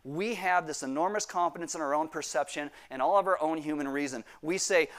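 A pastor preaching a sermon, reading scripture and acting out quoted prayers with sudden bursts of emphasis. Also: male voice, fairly high pitch, a little fast, few pauses, a bit bright.

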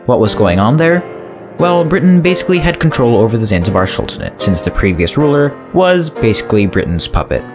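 The narrator of a history explainer channel reads his script in a lively, swooping voice of medium pitch at a fairly quick pace. He keeps breaking away from the story to make wry asides to the viewer, while faint music plays softly underneath.

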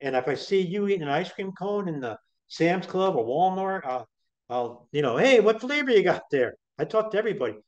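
A middle-aged man with a slightly high voice tells his story as an interview guest. He rambles and chats, often stumbling over repeated restarts, and the recording sounds dull and lo-fi. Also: animated, a little fast, darkish tone. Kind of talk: casual storytelling.

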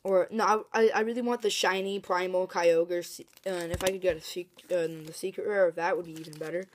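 Excitable woman opening card packs. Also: on the low side, fairly quick. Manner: excitable, chatty, bursts into shrieking excitement. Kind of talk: casual commentary while opening card packs.

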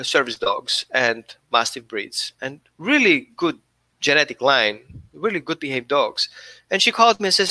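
A man with a higher-than-usual voice speaks earnestly as a dog behaviorist, coaching his listeners. His tone is bright and forceful, and the recording is dry and close. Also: no echo. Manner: earnest, coaching, repeats himself. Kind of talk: live Q&A talk.

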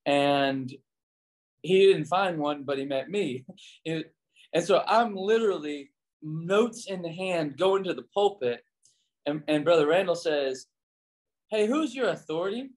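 A man's voice: a little high, a little slow. A man, a pastor and former missionary, telling stories casually as an interview guest and acting out the dialogue in them. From United States. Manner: animated storyteller, acts out quoted dialogue in a raised voice.

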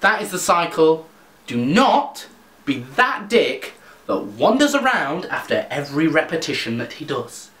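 A man rants in a comedic vlog, swearing freely and full of sarcasm. His voice sits high and leaps around in pitch, and it echoes in a roomy space. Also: very animated, a little slow, a bit bright. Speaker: vlogger.

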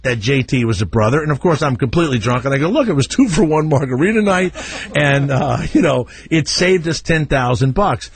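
A man's voice: on the high side, animated, a little fast. A middle-aged man hosting a radio talk show, telling a profane, comic family story and acting out the voices.

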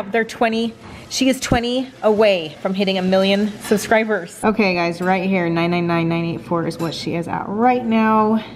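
A woman's voice: lowish voice, slight background noise. A woman in her forties, a mother, chatting casually and upbeat as she films a family vlog at home on a phone. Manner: chatty, upbeat, fast asides.

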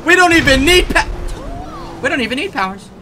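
Hyped high-voiced gaming commentator man. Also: expressive, a faint crowd, a little hiss or hum. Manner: hyped, shouting at the game, quick reactions. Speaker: gaming YouTuber. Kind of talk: excited gameplay commentary.

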